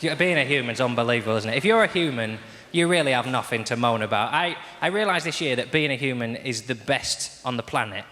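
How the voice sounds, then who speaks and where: Grumpy deadpan man ranting on stage. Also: mid-range voice, quick pace. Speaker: stand-up comedian. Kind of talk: stand-up routine. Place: large theatre stage. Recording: echoey theatre with audience noise.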